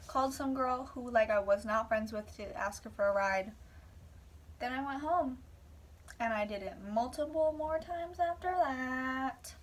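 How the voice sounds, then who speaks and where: A woman's voice: sits high, recorded from a distance, slight background noise. A young woman vlogger rambling casually through a personal story, full of "like"s and whispered asides.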